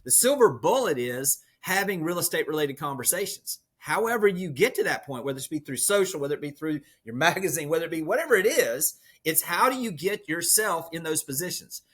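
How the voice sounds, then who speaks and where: A man, a podcast guest, speaking as an energetic motivational storyteller who leans on metaphors. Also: fairly high pitch, a little fast, few pauses, breathy edge. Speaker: podcast guest, real estate leader. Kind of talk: motivational conversation.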